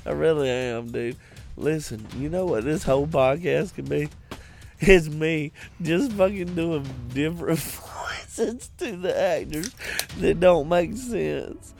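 A man's voice: on the high side, slow, creaky, a little mellow, faint music behind. A man co-hosting a podcast, chatting casually about movies, giggly and profane, drifting into tangents. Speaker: podcast co-host.

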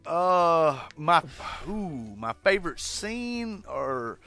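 A man's voice: a little high, very slow, soft background music. A man co-hosting a casual chat, eagerly retelling favorite scenes and quoting the characters. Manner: animated storyteller who retells scenes with quoted voices.

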